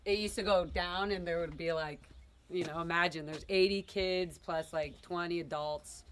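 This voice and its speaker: A woman's voice: on the low side, fairly even intonation, normal speed, a little hiss or hum. A woman narrating raw walkthrough video footage in a casual, reminiscing way, full of "like" and "you know".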